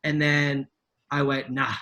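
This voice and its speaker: A man's voice: medium pitch, flat delivery, takes it slowly, sharp tone. A middle-aged man chatting casually as a podcast guest on a video call, rambling through a story with many fillers and restarts. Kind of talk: casual chat.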